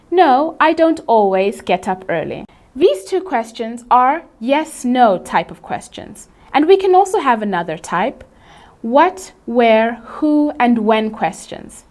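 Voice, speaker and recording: A woman teaching an English grammar lesson, explaining rules in a clear, measured way and reading out example sentences slowly and carefully. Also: a little high, a little mellow.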